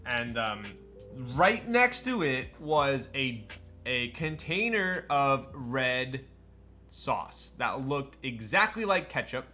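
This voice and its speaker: A man's voice: mid-range voice, big pitch swings, slow, bright, forceful tone, soft background music. A man streaming live while building a keyboard. He chats casually, jokes and answers his chat, laughing often. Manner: chatty and joking, replies to chat, laughs often.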